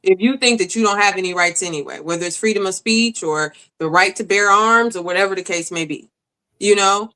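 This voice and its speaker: A woman's voice: mid-range voice, brisk, pushed and bright, smooth, poor audio. A woman guest sharing a personal story in an earnest, emphatic, conversational way.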